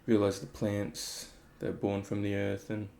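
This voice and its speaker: Flat, gravelly-voiced man musing. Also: fairly low pitch, moderate pace. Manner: rambling, thinking aloud with many fillers. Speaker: meditation vlogger. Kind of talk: casual reflective talk.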